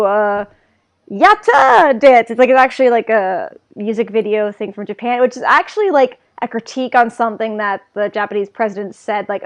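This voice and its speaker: A woman co-hosting a podcast, chatting in an animated way and retelling scenes. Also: fairly high pitch. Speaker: podcast co-host. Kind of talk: casual anime discussion.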